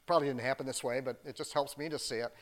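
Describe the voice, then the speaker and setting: A man, a pastor, preaching a casual, animated sermon full of "like" fillers. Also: mid-range voice, rapid-fire.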